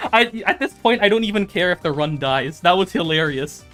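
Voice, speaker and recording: A man's voice: high-pitched, animated, normal speed, sharp tone, soft background music. A streamer, seemingly a man, giving casual commentary on a racing game, repeating phrases and breaking into fits of laughter.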